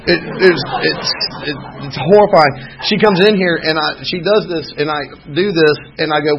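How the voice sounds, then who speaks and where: A man's voice: a little high, normal speed, hardly any pauses, a little hiss or hum. A man telling his own recovery story at a meeting, rambling and candid with wry humor. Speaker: speaker sharing at a recovery meeting. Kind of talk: personal recovery testimony. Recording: muffled lo-fi recording.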